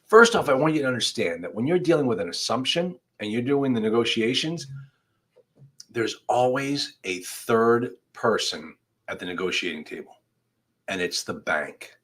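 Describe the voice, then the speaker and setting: Here an attorney leads a live online law class at a moderate pace, his mid-range voice expressive and a bit bright. He talks directly to viewers, conversational and emphatic.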